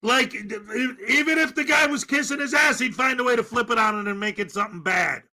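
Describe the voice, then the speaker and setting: Brief: male commentary host, high and sharp, incredulous, ranting. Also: a little fast. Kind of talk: ranting commentary on a played clip.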